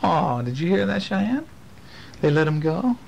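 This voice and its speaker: A man, a father, reading a picture book aloud to his children at home, gentle and playful with lively sing-song emphasis. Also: on the high side, measured pace, gravelly, a little hiss or hum, low-quality recording. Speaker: father reading a bedtime story.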